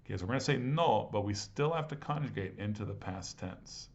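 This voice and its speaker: Patient low-voiced man teaching grammar. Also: lively intonation. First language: English. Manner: patient, reads Spanish slowly and syllable by syllable. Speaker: Spanish teacher. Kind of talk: explaining grammar exercises. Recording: slightly dull lo-fi audio.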